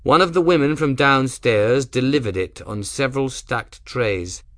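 A man narrating an audiobook in an expressive, measured way. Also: medium pitch, dry recording. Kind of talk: scripted narration.

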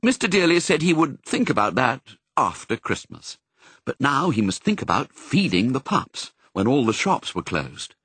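Husky, lively male storybook narrator. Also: medium pitch, moderate pace, no room sound. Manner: expressive, storytelling. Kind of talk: audiobook reading.

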